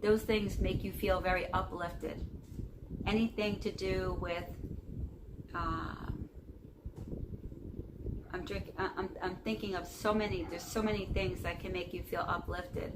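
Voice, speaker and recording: A woman's voice: fairly low pitch, fairly even intonation, unhurried, pauses often. A woman vlogging casual spiritual advice to camera, rambling with many fillers and checking in with "okay?". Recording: noticeable background noise.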